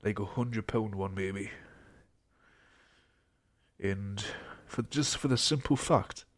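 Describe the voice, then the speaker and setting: Slow, mumbling young male game streamer. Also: on the low side. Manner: rambling, mumbling asides to himself. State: unwell. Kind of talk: casual gaming stream commentary.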